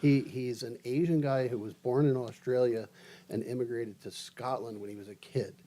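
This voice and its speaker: A man talking in an easygoing, soft-spoken way as a player in a tabletop role-play. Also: medium pitch, fairly even intonation, moderate pace.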